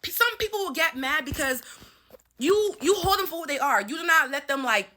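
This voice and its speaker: A woman in her twenties vlogs a heated, profane story-time rant from her bathroom at home, stuttering along the way. Her voice sits high and is expressive and sharp, and she talks fairly quickly.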